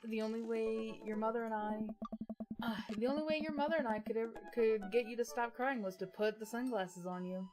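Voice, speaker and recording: A woman reads out a fond, teasing middle-aged dad who likes to embarrass his child, in a slightly higher voice. Game music plays clearly behind. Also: brisk, close to an everyday voice. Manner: read aloud in her own voice, gently teasing. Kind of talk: reading game dialogue aloud.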